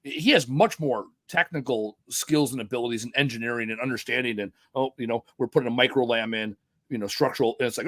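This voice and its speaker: A man's voice: medium pitch, fast talker, fairly bright tone, dry recording, clean studio sound. A middle-aged man hosting a podcast, telling rambling, profane stories in casual chat. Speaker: podcast host.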